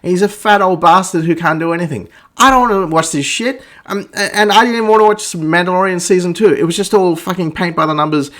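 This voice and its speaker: A man's voice: fairly high pitch, fast, hardly any pauses, a bit bright. A man ranting through a blunt, profane game review monologue, stammering and restarting his sentences. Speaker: gaming vlogger.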